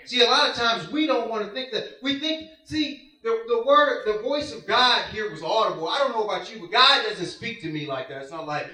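A man preaching with a high, bright, ringing voice. He talks to the congregation in an emphatic, conversational way. The sound is roomy and picked up from a distance in a church hall. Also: lively intonation, brisk, hardly any pauses. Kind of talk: sermon.

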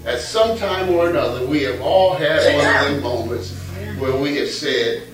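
A man's voice: a little high, normal speed. A man preaching a folksy sermon, repeating a catchphrase and reading scripture aloud. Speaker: pastor. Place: church sanctuary. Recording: echoey church hall from a distant mic with faint music.

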